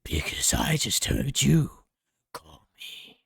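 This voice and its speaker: A man voicing a growling grown man in a low, menacing whisper as whispered role-play. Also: wildly swooping pitch, takes it slowly, creaky, fairly bright tone, breathy edge, dry recording, clean studio sound, exaggerated voice.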